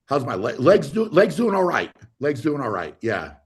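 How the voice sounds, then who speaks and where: A man chatting casually as a livestream guest, relaxed and halting, with many fillers and restarts. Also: fairly high pitch. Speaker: guest athlete.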